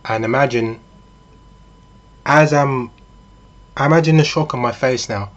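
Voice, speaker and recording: Male vlogger, chatty monologue, mid-pitched voice, dull lo-fi audio. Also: a little slow. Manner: conversational, with frequent fillers and restarts. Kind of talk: casual monologue with hypothetical scenarios.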